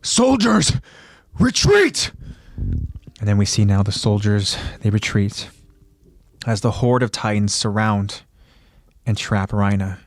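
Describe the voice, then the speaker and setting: A man co-hosting a podcast, recapping an episode in plain storytelling with pauses and fillers. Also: on the low side, little pitch movement, no echo, clean studio sound. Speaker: podcast co-host.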